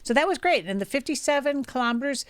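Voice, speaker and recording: A woman's voice: high-pitched, animated, fast talker, dry recording. A young woman co-hosting a podcast, chatting casually and rambling with fillers and restarts. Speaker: podcast co-host. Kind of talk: casual chat.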